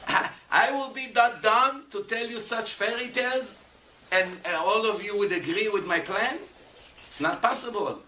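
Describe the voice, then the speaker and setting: A man, giving an animated lecture to an audience as a rabbi and acting out the voices of skeptics. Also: high-pitched, moderate pace. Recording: echoey room, voice from far off, faint background noise.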